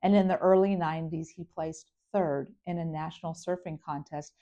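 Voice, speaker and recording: A middle-aged woman from Florida delivers a personal story as a speaker. She talks in an animated, dramatic way, building moments with pauses and slipping into character voices. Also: low voice, muffled recording.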